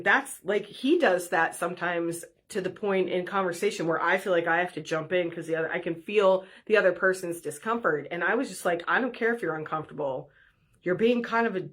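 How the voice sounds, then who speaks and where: A woman's voice: medium pitch, fairly bright tone. A middle-aged woman hosting a podcast, telling personal stories in a chatty, casual way, full of "like" and light laughter. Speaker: podcast host. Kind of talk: casual storytelling monologue.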